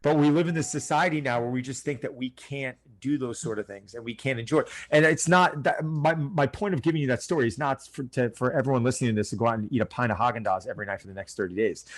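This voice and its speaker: A middle-aged man, a personal trainer, talking in a casual podcast interview with an earnest, coaching manner, often acting out his clients' lines. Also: mid-range voice. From Long Island, New York.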